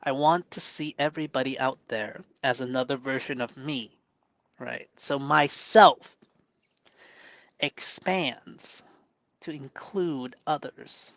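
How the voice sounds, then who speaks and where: A man in a reflective live monologue, speaking gently and softly in a deliberately lowered voice, thinking aloud with pauses and restarts. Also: dry recording, poor audio. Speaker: self-coaching vlogger.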